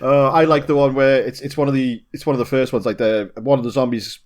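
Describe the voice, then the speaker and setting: A man's voice: mid-range voice, steady tone, quick pace, a little mellow. A man co-hosting a casual podcast chat, laughing often and swearing freely as he rambles through his thoughts.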